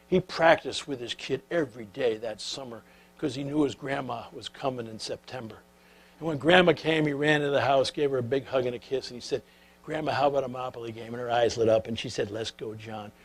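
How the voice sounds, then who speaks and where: A man telling stories to an audience and drawing life lessons, in an animated way that grows soft and intimate, often filling pauses with "uh". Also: medium pitch, breathy edge, poor audio. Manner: animated storyteller who turns soft and intimate; filler-heavy, with repeated "uh". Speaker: speaker. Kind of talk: storytelling talk.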